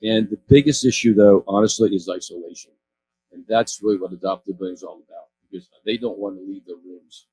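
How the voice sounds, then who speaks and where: A man's voice: on the low side, warm tone, a little hiss or hum, low-quality recording. A man in his sixties giving a talk about community work, telling stories in a rambling, self-correcting way with chuckles. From California. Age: 60s. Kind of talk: storytelling talk. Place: event stage.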